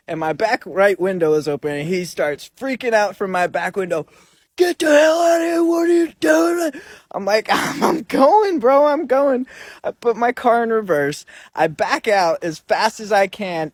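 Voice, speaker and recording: A man with a fairly high voice tells a personal story in a loose, easygoing way. He leans on filler words and keeps the tone conversational. The recording is dry and close, with no room echo. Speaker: recovery vlogger.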